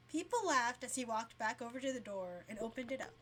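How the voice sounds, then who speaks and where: A woman's voice: fairly high pitch, animated, a little fast, slight background noise. A young woman streamer reading a story game aloud, casual and yawning, laughing between lines.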